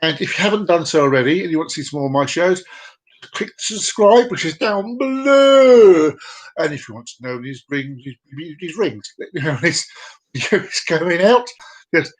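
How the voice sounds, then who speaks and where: A man's voice: a little high, lively intonation, normal speed, low-quality recording. A man hosting a casual live comedy show, chatty and playful, giggling at his own jokes. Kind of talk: casual joke-telling.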